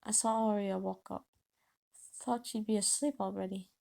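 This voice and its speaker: A woman reads her own fan story aloud in a casual, unpolished way, stumbling and restarting words now and then. Her voice is mellow and low-toned, with a gravelly fry running through it. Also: fairly even intonation, moderate pace. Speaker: author reading her fanfiction.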